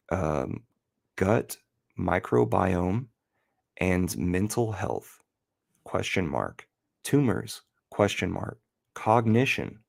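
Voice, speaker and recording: A low, gravelly-voiced man hosts a loose live chat. He talks slowly, circling back and interrupting himself as he rambles. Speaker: podcast host.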